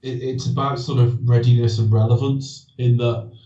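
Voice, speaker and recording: Man, podcast host, rambling film chat, mellow voice, roomy echo. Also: mid-range voice, fairly even intonation, normal speed. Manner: rambling, restarts sentences, asks himself questions. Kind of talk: casual film discussion. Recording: distant roomy dull recording.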